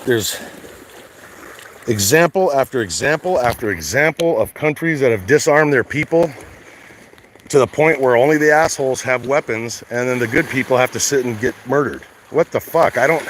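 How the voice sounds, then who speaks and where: A man from the States talks in a blunt, rambling way, swearing freely as he vents. His voice sits at an ordinary middle pitch. He is outdoors by the water, with a faint hiss of background noise. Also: poor audio. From United States. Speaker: vlogger. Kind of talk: casual outdoor rant to camera. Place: outdoors at a shoreline at high tide.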